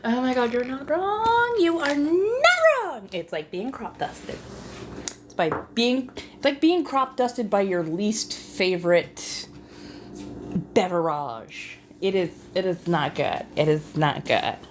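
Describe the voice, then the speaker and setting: Speaking slowly in a mid-range voice with big pitch swings, a woman ASMR streamer chats casually in her apartment, with a little hiss or hum in the audio. Her manner is profane and dramatic, and she drifts into whispers at times.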